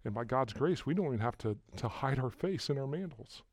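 A man preaching a sermon to a congregation, walking through verses and rising loudly on key words, often repeating himself. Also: medium pitch, expressive, fairly quick, no room sound. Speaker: pastor.

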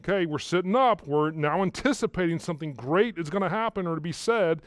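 A man with a slightly high voice preaches to his congregation, stopping to repeat words and pushing hard on the ones that matter. The sound is dry and close, with no room echo. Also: lively intonation, fairly quick, few pauses. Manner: repeats words and rises loudly on key words. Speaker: pastor. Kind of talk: sermon.

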